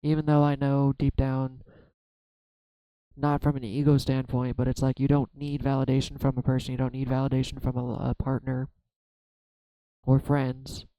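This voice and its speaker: A man doing a solo tarot reading, talking slowly through his own fears and frustration with many restarts. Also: medium pitch, completely flat delivery, dark tone, no room sound, poor audio. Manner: halting, self-searching, many restarts. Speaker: tarot reader. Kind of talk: reflective solo tarot vlog.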